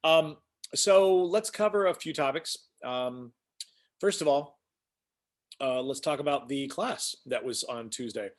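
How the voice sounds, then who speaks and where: A man's voice: mid-range voice, unhurried. A man hosting a casual weekly live stream, rambling as he greets viewers by name and shares news. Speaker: host.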